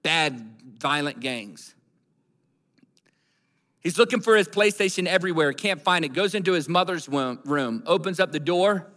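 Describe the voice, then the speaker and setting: A man preaching in a large church hall, his bright, forceful voice ringing with long reverb. He tells a story and builds to emphatic, repeated declarations, pitched a little high for a man. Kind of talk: sermon storytelling.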